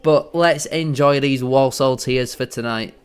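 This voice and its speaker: An excitable man giving gloating, bantering live commentary as a football fan on a match watchalong stream. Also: medium pitch, a little slow, smooth.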